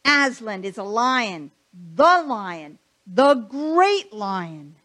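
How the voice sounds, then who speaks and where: A woman's voice: extremely high pitch, very animated, slow, pitched above the performer's own voice, full character voice. A woman voicing a stern, earnest male beaver from a storybook, reading it aloud to a congregation. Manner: stern, emphatic.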